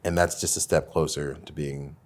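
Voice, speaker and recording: A young adult man hosting a podcast, talking in a reflective, soft-spoken, heartfelt way. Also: extremely low pitch, flat delivery, moderate pace. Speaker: podcast host. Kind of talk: casual heartfelt conversation.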